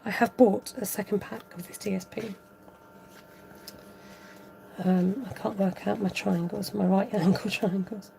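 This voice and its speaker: A warm, gravelly woman's voice of medium pitch moves at normal speed with fairly even intonation, and there's a little hiss or hum. She chats casually and giggles while showing a papercraft tutorial at home.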